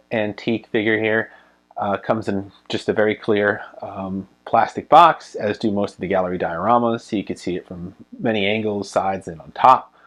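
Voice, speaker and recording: A man giving a casual unboxing review of a collectible statue, relaxed and full of ums and uhs as he handles it. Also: on the low side. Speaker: toy reviewer.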